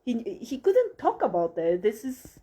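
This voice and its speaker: A woman with telling a story in casual chat, animated and acting out quoted dialogue. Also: fairly high pitch, moderate pace, background noise. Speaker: guest, psychic massage healer.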